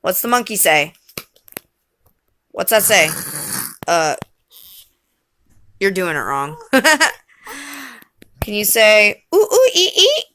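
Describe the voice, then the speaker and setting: A young-sounding mother reads a picture book aloud with her toddler, her voice swooping up and down as she coaxes him along. She talks slowly and patiently, playful and a little teasing, over a faint hiss of background noise. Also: on the low side, lively intonation. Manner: playful, coaxing, gently teasing.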